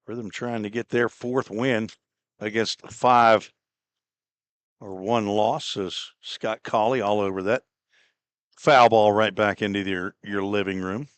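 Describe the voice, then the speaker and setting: A man calls a baseball game in an unhurried, conversational way, filling the gaps between pitches with casual remarks. His voice sits low, and the recording is dry and close, with no room sound. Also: clear, resonant tone, dry recording. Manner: relaxed, chatty, laughs at own slips. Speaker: play-by-play announcer. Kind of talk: baseball play-by-play commentary.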